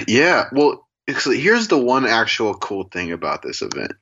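A man's voice: mid-range voice, measured pace, creaky, breathy edge, dull audio. A man co-hosting a podcast, bantering casually with dry jokes and rambling asides. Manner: joking, rambling, deadpan banter. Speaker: podcast co-host.

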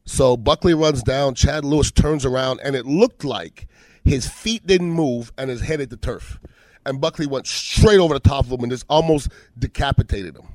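A man's voice: medium pitch, normal speed, no room sound. A middle-aged man, a former football player, telling casual stories about games and players, acting out the dialogue. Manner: animated storyteller, acts out quoted dialogue. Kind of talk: casual storytelling on sports.

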